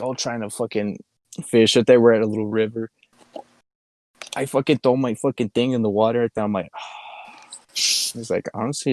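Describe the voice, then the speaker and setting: A man's voice: mid-range voice, darkish tone, no room sound. A young man co-hosting a podcast, telling a long rambling story in casual chat, swearing a lot and laughing often. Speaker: podcast co-host. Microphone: podcast microphone.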